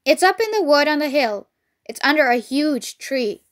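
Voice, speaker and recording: A woman's voice: high voice, lively intonation, moderate pace. Lady doing a crafty skinny farmer guy, smug and sneaky. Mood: scheming. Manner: sly and condescending. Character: crafty, scrawny, scheming male farmer.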